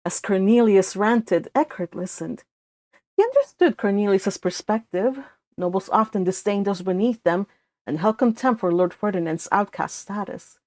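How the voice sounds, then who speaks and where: A woman's voice: medium pitch, animated, normal speed, darkish tone, no echo. A woman reading her own fan fiction aloud, narrating steadily in a read-along with occasional slips.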